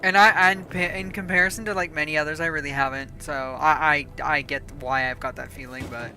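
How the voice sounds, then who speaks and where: Bright-voiced woman streamer. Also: deep voice, fairly even intonation, a little fast. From Canada. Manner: chatty, self-deprecating, muttering to herself. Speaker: game streamer. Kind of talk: casual livestream chat while gaming.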